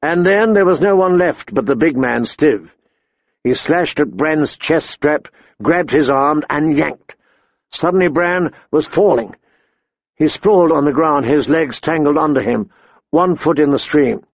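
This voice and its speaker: A man narrating a fantasy audiobook in a measured, deliberate storytelling manner. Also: a little high, dry recording. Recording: slightly dull, dry recording.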